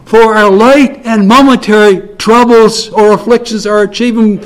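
A man preaching a sermon in an earnest way, repeating key phrases and stretching them out slowly, moving between soft, low passages and louder, raised lines. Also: fairly even intonation.

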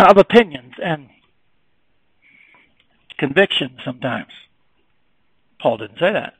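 A man preaching a sermon, emphatic and repetitive, swinging between quiet reflection and raised, insistent passages. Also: sits high, very animated, slow, vocal fry, long pauses, breathy edge, dry recording, rough recording.

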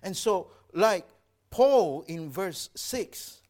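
Delivering a sermon, a male pastor speaks in a sing-song, slightly high voice whose pitch climbs and dips widely. He is earnest and emphatic, lingering over scripture readings and never hurrying.

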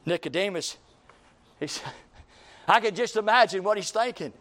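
A man's voice: high voice, moderate pace, fairly bright tone. A man preaching a sermon as pastor, driving his points home with repeated questions and rising emphasis.

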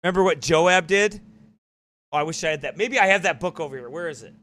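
A man's voice: a little high, fast talker, a bit bright. A male pastor giving emphatic, mocking commentary on a livestreamed sermon.

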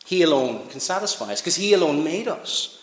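A man's voice: on the high side, sing-song, moderate pace. A man in his twenties preaching an earnest, emphatic sermon, his voice rising and falling in volume. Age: 20s. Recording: echoey church hall.

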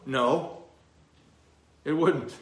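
A man's voice: on the high side, extremely slow. Conversational man preaching in an echoey room. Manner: conversational preaching with rhetorical questions. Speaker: pastor. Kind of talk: expository sermon.

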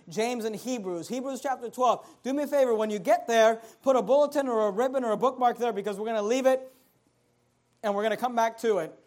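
A male pastor with a strikingly high voice delivers an emphatic sermon. He climbs to shouts, then falls almost to a hush, and keeps asking the congregation questions. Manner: emphatic, swinging from shouting to near-quiet; repeats rhetorical questions to the congregation.

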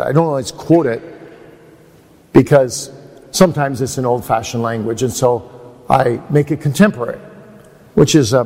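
In a long, reverberant hall, a man with a medium-pitched, somewhat mellow voice preaches at a seminar. His teaching sermon is conversational and built on anecdotes, delivered with self-deprecating humor.

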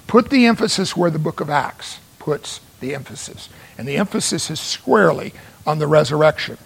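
A man's voice: on the high side, animated, moderate pace, vocal fry, slightly rough. A man preaching a sermon, pressing his points with repeated phrases and rhetorical questions. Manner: emphatic, repeats phrases for stress.

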